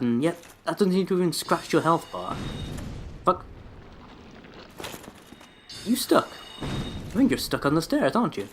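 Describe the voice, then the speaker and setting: A man's voice: on the high side, sing-song, a little slow, long pauses, slight background noise. A man giving sarcastic, sweary running commentary while he plays a video game. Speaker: let's play host. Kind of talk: gameplay commentary.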